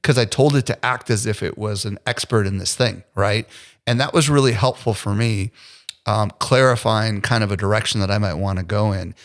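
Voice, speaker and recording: Man, podcast host, lower pitch, casual interview, encouraging, conversational. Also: moderate pace.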